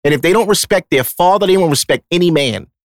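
A man's voice: high-pitched, expressive, quick pace, dry recording, studio quality. Blunt, profane man talking on a podcast. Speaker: podcast host. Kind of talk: casual monologue.

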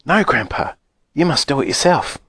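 A man voicing an earnest young boy who speaks softly and hesitantly. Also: on the high side, very animated, moderate pace, gravelly, breathy edge, no echo, studio quality, pitched above the performer's own voice, full character voice.

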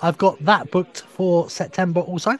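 A man co-hosting a casual pub-style podcast, boisterous and quick to swear and laugh. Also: high-pitched, steady tone. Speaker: podcast co-host.

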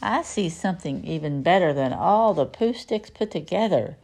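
A woman reading aloud and voicing Pooh, a gentle, slow-witted male teddy bear who speaks unhurriedly. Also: fairly low pitch, lively intonation, vocal fry.

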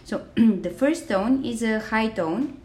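A woman teaching a podcast language lesson, talking slowly and carefully with many fillers and modelling sounds aloud. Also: on the high side, mellow.

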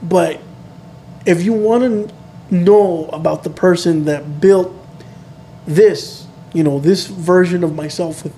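A man's voice: high-pitched, slow, warm tone, slight background noise. A man in his thirties hosting a casual chat, talking earnestly and reflectively in loose restarts.

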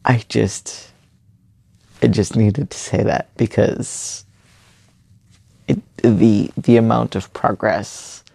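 A young man giving an earnest, halting personal monologue late at night. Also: on the low side, steady tone, gravelly, mellow, slightly rough, dry recording.

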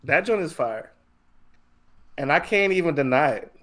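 A man co-hosting a casual chat about rap music, easygoing and quick to laugh. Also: a little high, expressive, fairly bright tone.

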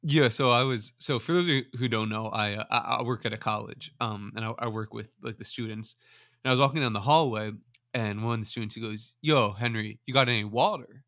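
A man co-hosting a sports podcast, telling stories in a lively way and acting out what people said. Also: on the low side, quick pace, no room sound, clean studio sound. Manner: animated storyteller, acts out quotes. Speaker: podcast co-host. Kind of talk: casual storytelling chat.

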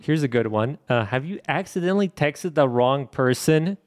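A man's voice: a little high, lively intonation, normal speed. A man hosting a casual podcast interview, easygoing and hesitant, laughing along with his guest. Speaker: podcast host.

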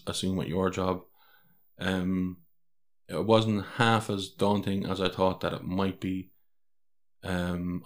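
A man with an Irish accent and a very low, deep voice hosts a solo podcast. He talks candidly and in a rambling way, restarting his sentences and swearing freely as he goes. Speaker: podcast host.

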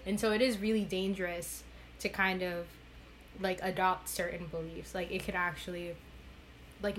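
A woman's voice: mid-range voice, a bit bright, a little hiss or hum. Earnest young woman, filler-heavy talk. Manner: reflective, earnest, many "like" fillers. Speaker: podcast guest, women's rights activist. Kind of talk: casual conversational interview.

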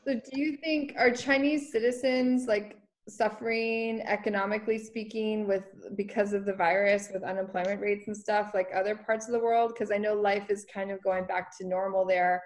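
A woman teacher leading a relaxed discussion with her students, posing questions and drawing them out. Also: medium pitch, moderate pace, hardly any pauses. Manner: inquisitive, prompts students with questions. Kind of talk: conversational group discussion with students.

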